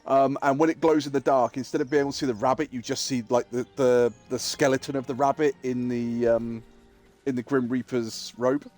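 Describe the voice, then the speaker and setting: A middle-aged man streaming a game, casually telling an animated story and acting out the people in it. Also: mid-range voice, fairly quick, faint music behind. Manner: animated, acts out quoted people, swears freely. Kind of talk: casual storytelling while gaming.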